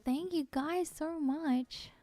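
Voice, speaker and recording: Bubbly high-voiced woman streamer. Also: slow pace, mellow, no room sound, soft background music. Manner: bubbly, giggly, scattered. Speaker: live streamer. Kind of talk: casual live-stream chat.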